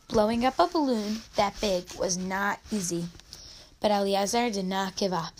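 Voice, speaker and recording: A woman reading a children's story aloud in an expressive read-aloud manner, with small slips now and then. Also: medium pitch, slight background noise, low-quality recording.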